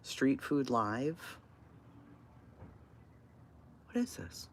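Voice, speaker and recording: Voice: mid-range voice, sing-song, slow, slight background noise. A channel host reacting in casual commentary, incredulous and swearing, firing off exclaimed questions.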